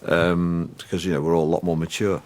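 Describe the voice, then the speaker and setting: A man's voice: low-pitched, little pitch movement, a little fast, a little mellow, lightly acted. An actor playing a blustering middle-aged Englishman in anger therapy, rambling and hesitant with crude asides. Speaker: anger management group member. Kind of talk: sitcom acting.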